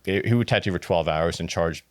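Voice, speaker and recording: A man's voice: deep voice, smooth, dry recording. An American man, a tattoo shop owner, telling stories in casual podcast chat and acting out quotes. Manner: fast, animated storytelling, acting out quotes. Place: podcast studio.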